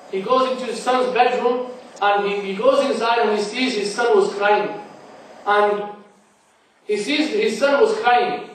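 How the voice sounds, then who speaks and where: A man giving an earnest, admonishing lecture in a mosque, telling a story to make his point. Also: very high voice. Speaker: preacher. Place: large mosque hall. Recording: echoey mosque hall from far off.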